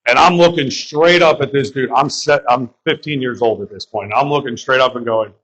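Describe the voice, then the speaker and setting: A man's voice: medium pitch, normal speed, fairly bright tone, poor audio. A young man from the Bronx doing crude, rambling open-mic stand-up and talking to the crowd. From New York (the Bronx). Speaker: stand-up comedian.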